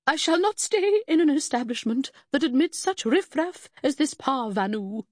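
A woman voicing a pretentious fake aristocratic lady in an audiobook, speaking grandly and indignantly in a shrill voice. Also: animated, moderate pace, a little mellow, no echo, clean studio sound.

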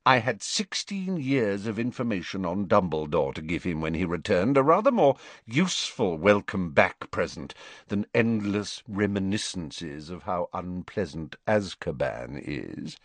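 A man voicing a composed wizard spy who speaks in a calm, bored, measured manner. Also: deep voice, no echo, heavily acted. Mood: cold calm.

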